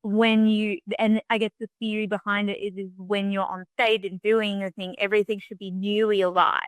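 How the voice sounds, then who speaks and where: A young woman co-hosting a podcast, animated and quick to jump in. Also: mid-range voice, clean tone, no room sound. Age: young adult. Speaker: podcast co-host. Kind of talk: casual chat.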